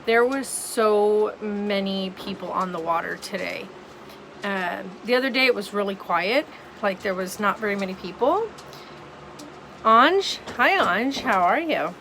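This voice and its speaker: A woman's voice: medium pitch, normal speed, a bit bright, a little hiss or hum, rough recording. A tired, yawning woman vlogging casually from home, rambling with lots of ums. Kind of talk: casual vlog chat.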